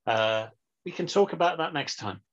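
A man's voice: fairly high pitch, expressive, moderate pace. A man co-hosting a podcast in casual chat, easygoing, with short remarks. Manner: easygoing, brief interjections. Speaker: podcast co-host. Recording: dull lo-fi podcast audio.

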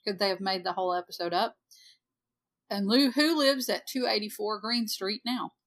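A woman's voice: mid-range voice, bright, forceful tone. A woman in her forties co-hosting a podcast, reading a ghost story aloud with joking asides. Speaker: podcast co-host.

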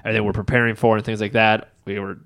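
A man's voice: fairly low pitch, flat delivery, rapid-fire, gravelly, a bit bright, no room sound. Joking man on a podcast, dry sound. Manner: joking, teasing asides. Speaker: co-host, church planter pastor. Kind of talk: casual podcast chat.

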